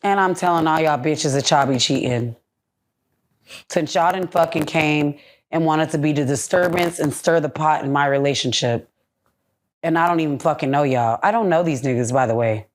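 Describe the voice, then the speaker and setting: A young woman appears as a podcast guest in a candid interview, ranting bluntly and heatedly with plenty of swearing. Her voice sits low and moves at normal speed.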